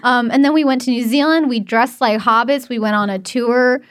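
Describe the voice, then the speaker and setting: A woman's voice: a little high, fairly even intonation, normal speed, smooth, no echo, clean studio sound. A young woman telling a personal story in casual chat, talking chattily with lots of fillers.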